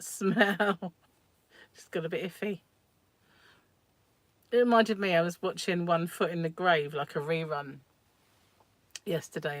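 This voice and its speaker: Middle-aged lady chatting on her crochet stream at home, lowish voice, dry sound, laughs a lot. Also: no room sound. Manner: chatty, rambling, laughs often. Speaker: crochet livestream host. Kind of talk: casual chat reading viewer comments.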